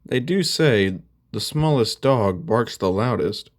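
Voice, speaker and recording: A man voicing a calm, wry teenage boy classmate in a spoken fan story. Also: fairly low pitch, slow pace, slight background noise.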